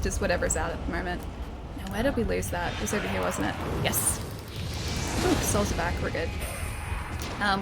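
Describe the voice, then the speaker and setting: A woman's voice: mid-range voice, noisy background. A young Australian woman streaming a game, chatting casually with her chat and thanking viewers between fights, with plenty of ums and uhs. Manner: chatty, reads out and thanks chat, many fillers. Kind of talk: casual live-stream chat while gaming. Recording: game music playing behind.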